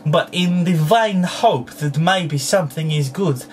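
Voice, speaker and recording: A toy vlogger talking casually to a camera at home, playful and childlike in grammar, breaking into excited squeals. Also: mid-range voice, measured pace, distant mic, slight background noise. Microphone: camera close up.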